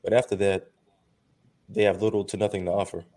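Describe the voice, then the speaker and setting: A man's voice: on the low side, level tone, brisk, dark tone. A man co-hosting a casual talk, speaking earnestly and acting out quoted conversations. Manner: earnest, tells stories with quoted dialogue. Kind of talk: casual chat.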